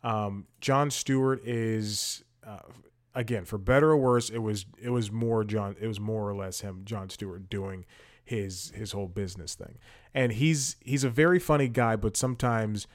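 A man's voice: fairly low pitch, moderate pace. A man hosting a podcast, chatting casually with lots of fillers, restarts and tangents as he thinks aloud. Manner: rambling, many fillers and restarts; opinionated, thinks aloud while scrolling. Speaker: podcast host. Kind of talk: casual commentary.

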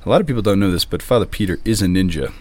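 A man's voice: low voice, expressive, darkish tone. A man, a priest hosting a podcast, talking in a chatty, rambling way outdoors in the wind. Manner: chatty, quick, self-interrupting. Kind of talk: casual podcast chat.

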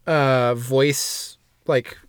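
A man talks through an anime episode on a casual podcast, stopping often for fillers and side remarks. His voice sits at an ordinary pitch and is recorded dry and close, with no room sound. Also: fairly even intonation, very slow, clean tone, no room sound. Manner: rambling, filler-heavy recap with asides. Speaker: podcast host summarizing an anime. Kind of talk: casual chat.

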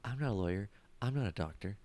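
A man's voice: lowish voice, animated, fast talker, a crowd in the background. A man co-hosting a casual comedy podcast, loose and joking, often laughing between lines. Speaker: podcast co-host. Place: California.

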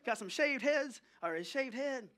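A man with a strikingly high pitch and a bright, pointed tone, preaching at a church service. He talks in a playful, joking way, spinning stories about family life for his congregation. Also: expressive, normal speed. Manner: playful, jokey storytelling to the congregation. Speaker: pastor. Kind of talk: sermon with personal stories.

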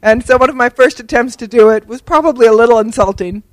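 A woman's voice: a little high, fast, no room sound, rough recording. Older woman, wry storyteller accepting an award, dry close sound. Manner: humorous, self-deprecating storyteller with fillers. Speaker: award recipient and disability advocate. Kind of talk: acceptance speech with anecdotes.

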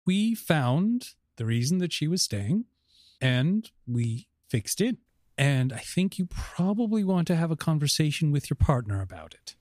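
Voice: medium pitch, big pitch swings, a little slow, a little mellow, no echo, clean studio sound. A player in a tabletop game, polite and matter-of-fact. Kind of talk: tabletop role-play.

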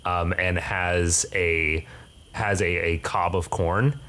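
A man's voice: deep voice, fairly even intonation, slow, bright, forceful tone. A young man narrating a tabletop game as game master, hesitant, with many fillers and restarts.

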